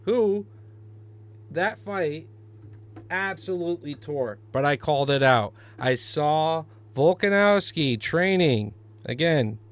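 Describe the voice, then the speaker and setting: A man co-hosting a casual podcast, excitable and swearing as he banters. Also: a little high, slow, no room sound. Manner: excitable, swearing, laughs often. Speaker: podcast co-host.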